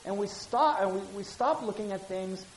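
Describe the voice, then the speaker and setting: A woman with a mid-range voice and normal speed gives a conversational Bible teaching. She reads scripture aloud with acted voices, explains it casually, asks listeners questions and repeats key phrases. The recording is in an echoey room with hiss.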